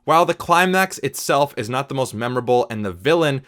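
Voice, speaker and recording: Man, casual film review, chatty, opinionated, frequent asides, mid-pitched voice. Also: lively intonation, a little fast, a bit bright.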